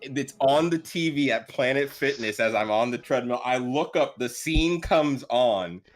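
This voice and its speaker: A man guesting on a casual roundtable, telling self-mocking stories that trail off low. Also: lively intonation, measured pace, soft background music. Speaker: guest dungeon master.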